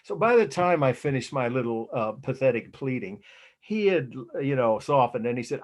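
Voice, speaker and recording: Here an older man from the United States gives a casual art history talk full of stories, wandering off with filler words and false starts. He speaks at a moderate pace in a medium-pitched voice that rises and falls dramatically.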